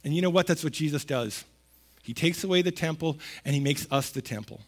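A man's voice: a little high, fairly quick. A man giving a sermon in a conversational, emphatic way, repeating words for stress and reading scripture aloud. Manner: conversational preaching with emphatic repetition, rising to loud stresses. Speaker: pastor.

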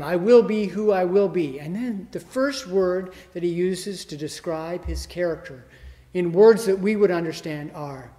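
Expressive high-voiced male preacher, reverberant hall. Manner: expressive, swings between loud emphasis and hushed near-whisper. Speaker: pastor. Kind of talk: sermon.

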